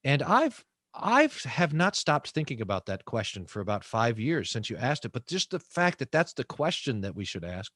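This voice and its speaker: A man hosts an interview with lively, rising and falling pitch, often restarting his sentences as his ideas tumble out. The sound is dry and close, without room echo. He talks at a middle pitch for a man. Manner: enthusiastic, halting with many restarts. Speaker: pastor and host. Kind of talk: long-form interview chat.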